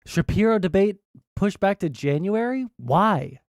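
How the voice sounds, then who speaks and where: A man's voice: high voice, expressive, measured pace, no echo, clean studio sound. Profane, rambling male streamer. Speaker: streamer reacting to videos. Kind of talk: casual reaction commentary.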